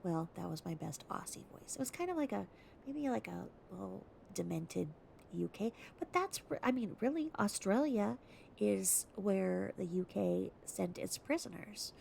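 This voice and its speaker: A chatty American woman riffs between readings in loose, rambling asides, now and then slipping into a whisper. Her mid-pitched voice is strongly gravelly with vocal fry. A faint hiss sits under the recording. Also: sing-song, unhurried, a little mellow. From United States. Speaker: reader and video host. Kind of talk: casual commentary between readings.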